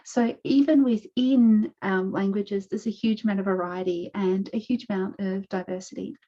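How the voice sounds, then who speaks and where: A woman's voice: mid-range voice, steady tone. A woman with an Australian accent giving an online conference presentation, explaining her research step by step over a video call. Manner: measured, explanatory, walking through slides. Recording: dull lo-fi video call audio.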